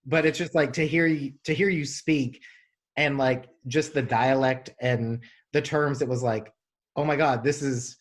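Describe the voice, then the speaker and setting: A man with an Appalachian accent who hosts a podcast, enthusiastic and a little rambling as he talks. His voice sits at an ordinary mid pitch for a man. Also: steady tone, measured pace. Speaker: podcast host. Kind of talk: casual interview chat.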